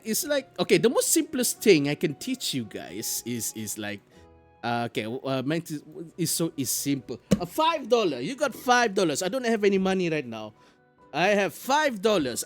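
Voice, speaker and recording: A live streamer, chatting casually in an animated storytelling way and often repeating or restarting phrases. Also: medium pitch. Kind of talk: casual chat explaining economics.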